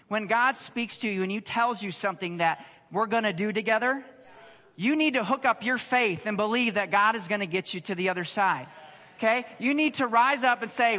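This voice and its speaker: A man preaching a sermon, conversational and animated, asking the congregation rhetorical questions. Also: sits high, long reverb tail. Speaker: pastor.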